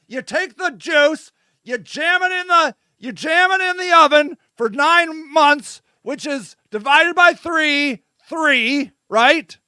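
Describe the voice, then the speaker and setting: A man hosting his own show, rambling irreverently and jokily, vamping to his listeners with sudden shouted bursts. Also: extremely high pitch, takes it slowly, no echo, studio quality. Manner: vamping, talks to his audience. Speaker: host. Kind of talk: casual solo monologue.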